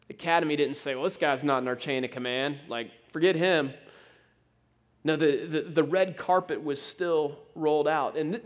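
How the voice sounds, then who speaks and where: Brief: a man preaching a sermon, lively and conversational, trips over his words, fairly high pitch. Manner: animated storytelling with repeated stammered starts.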